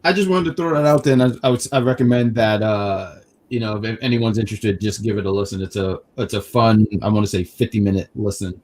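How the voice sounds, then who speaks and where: A man co-hosting a casual wrestling review stream, talking in quick restarts and reading chat comments aloud. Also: on the low side, fairly even intonation, a little mellow. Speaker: wrestling review show co-host.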